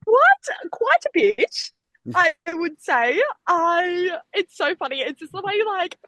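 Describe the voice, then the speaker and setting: A young Australian woman in her twenties, chatting casually as an athlete guest, quick and talkative with frequent laughter. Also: very high-pitched, very animated, fairly bright tone, dry recording, rough recording. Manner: chatty, laughs often, fast bursts. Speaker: Olympic sprinter, guest. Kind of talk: casual interview chat.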